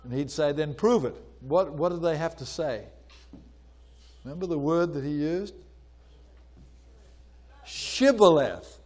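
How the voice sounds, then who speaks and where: An older man giving an informal lecture on archaeology, conversational with many pauses and fillers, sometimes acting out voices as he retells a story. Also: a little high, mellow.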